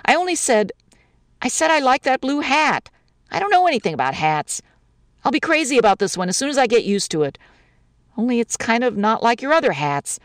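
A woman's voice: a little high, sing-song, brisk, dry recording, clean studio sound. A woman voicing a fumbling young husband. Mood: defensive. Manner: soothing, fumbling, folksy slang. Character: easygoing young newlywed husband, placating and folksy. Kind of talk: dramatic story reading.

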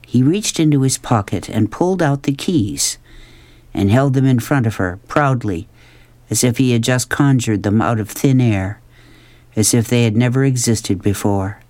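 A man reading a novel aloud as audiobook narration, in a calm, measured storytelling manner. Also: mid-range voice, dry recording. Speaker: audiobook reader.

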